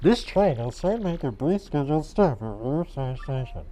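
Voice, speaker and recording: Man doing a slow droning train announcer. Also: a little high, big pitch swings, mellow, voice pushed up, poor audio. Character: flat male train station announcer.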